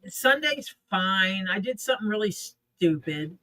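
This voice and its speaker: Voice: medium pitch, unhurried, no room sound. A podcast co-host chatting casually on a livestream and telling stories with animation. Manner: animated storyteller.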